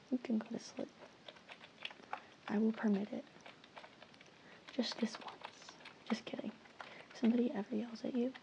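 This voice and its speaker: A woman ASMR creator in a playful, teasing whispered role-play, mixing soft whispers with mock-stern asides. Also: on the high side, creaky, background noise.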